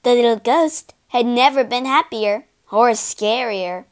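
A woman reading a children's storybook aloud, with expressive, animated narration. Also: a little high, measured pace.

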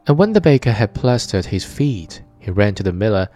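A man with a low, mellow voice reads a fairy tale aloud in a measured, expressive way. His tone is dark and relaxed. Soft music plays faintly under his narration. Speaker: storyteller.

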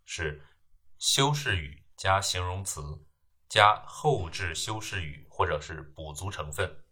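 A man giving a grammar lesson, explaining terms in a measured way and then reading example sentences. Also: deep voice, pushed and bright, husky. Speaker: English grammar teacher. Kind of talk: slow lecture narration with read example sentences.

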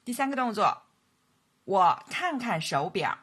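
A woman with a Mandarin Chinese accent teaching an English lesson, saying each model sentence slowly and repeating it for learners. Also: mid-range voice, very animated, fairly bright tone, breathy edge. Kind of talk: language lesson narration.

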